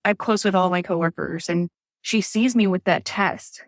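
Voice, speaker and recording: A woman's voice: on the low side, fairly even intonation, normal speed, dry recording. A woman who works as a nurse, telling her story as a podcast guest in a chatty way with many fillers. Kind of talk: casual storytelling interview.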